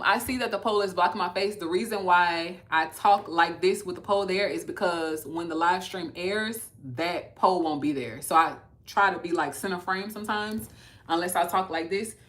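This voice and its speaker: Woman in her thirties, earnest livestream chat, lowish voice, from Texas. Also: fairly bright tone. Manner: earnest, talks to viewers as y'all. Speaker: livestream host.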